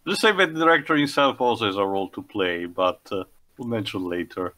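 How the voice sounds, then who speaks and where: A man's voice: fairly low pitch, brisk, sharp tone. A young man co-hosting a casual movie commentary, rambling and restarting phrases and laughing often. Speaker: podcast co-host.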